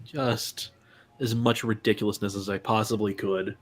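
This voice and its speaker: A man's voice: on the low side, steady tone, moderate pace. A man hosting a casual live stream, chatting loosely with many fillers and restarts. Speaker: stream host.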